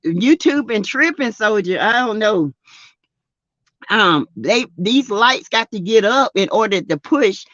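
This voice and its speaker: A woman with a Southern US accent hosting a casual live stream, greeting chatters by name and laughing loudly and often. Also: medium pitch, animated, measured pace, no echo, muffled recording. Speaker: YouTube live-stream host. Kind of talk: casual live-stream chat reading comments.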